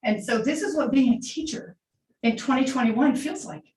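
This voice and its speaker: A woman's voice: high voice, moderate pace, a little mellow. A woman in her forties, a middle school teacher, speaking earnestly and from the heart during public comment at a school board meeting. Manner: earnest, heartfelt, unscripted storytelling. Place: large meeting room. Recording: echoey room, distant mic, faint hiss.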